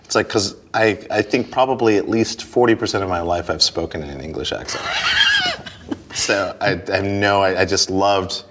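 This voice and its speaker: A man's voice: low voice, normal speed, hardly any pauses, noisy background. A man talking casually as an interview guest, rambling and restarting sentences, often breaking into laughter. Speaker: guest, stage performer.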